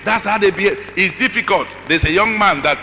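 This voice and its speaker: A middle-aged man speaking as a conference speaker, animated and acting out voices with asides to the audience. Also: high voice, fairly quick. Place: large conference hall. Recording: long hall reverb, faint noise.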